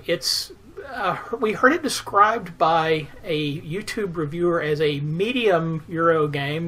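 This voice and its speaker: Person rambling about a board game, lots of uhs, bit husky. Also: medium pitch, fairly bright tone. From United States. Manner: hesitant, lots of "uh" fillers. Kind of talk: casual recap to camera.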